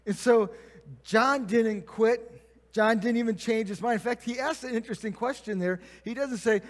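High-pitched guy preaching in a big echoey church, chatty, acts out the quotes. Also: normal speed. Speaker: pastor. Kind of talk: sermon. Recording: long reverb of a church hall.

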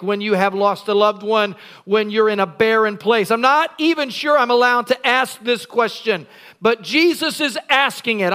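A man preaching a sermon as pastor in a church, telling a Bible story with lively acted-out scenes and bursts of shouting. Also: very high-pitched, clear, resonant tone.

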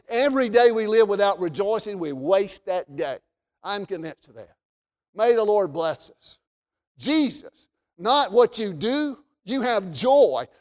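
A man preaching a sermon as pastor, swinging between fervent rising appeals and soft, low prayer. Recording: long hall reverb.

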